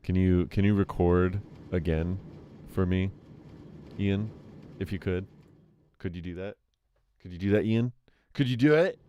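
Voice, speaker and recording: A man's voice: sits low, steady tone, a little slow, long pauses, warm tone, muffled recording, slight background noise. A young man streaming a let's-play, talking casually and rambling to a friend on a call. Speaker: gaming streamer. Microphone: desk microphone.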